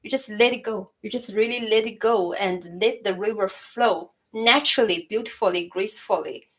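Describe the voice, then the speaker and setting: A woman from China with a Chinese accent, hosting a casual livestream chat and answering viewers' comments in a soft-spoken way, often calling them her friend. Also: medium pitch, normal speed. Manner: soft-spoken, frequent restarts and laughs, addresses viewers as my friend. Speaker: livestream host.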